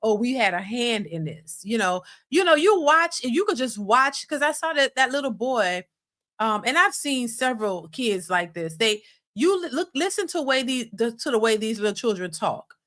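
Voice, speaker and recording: Bright-voiced woman reacting live. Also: on the high side, normal speed. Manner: animated, restarts often, emphatic. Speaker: reaction channel host.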